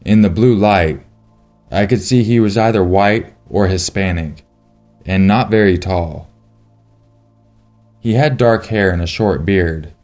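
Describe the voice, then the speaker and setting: A man giving a slow, solemn scripted narration of a true horror story. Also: low voice, a little mellow, faint music behind.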